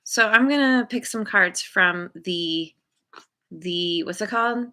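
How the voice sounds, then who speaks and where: Slow, bright-voiced woman reading tarot. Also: mid-range voice. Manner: gentle and meandering, searching for words; encouraging, spiritual. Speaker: tarot card reader. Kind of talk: intuitive tarot reading for viewers.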